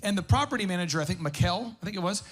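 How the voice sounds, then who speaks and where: A male host with a notably high voice tells rambling, chatty stories to a workshop audience. He stumbles and restarts mid-sentence as he leads into his next question. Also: animated, racing. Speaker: host and business coach. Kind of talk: hosting a live business workshop.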